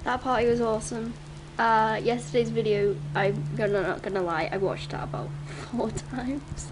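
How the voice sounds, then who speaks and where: Tired, giggly high-voiced teen girl. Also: fairly even intonation, normal speed. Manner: rambling, giggly, many restarts. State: very tired after a night out. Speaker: vlogger. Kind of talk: casual chatty video diary. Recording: noisy home ambience.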